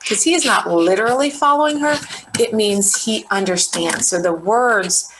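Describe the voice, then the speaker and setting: In this recorded lesson, a middle-aged teacher explains things clearly and keeps checking on her students. She speaks at a moderate pace in a mid-range voice against a noisy background.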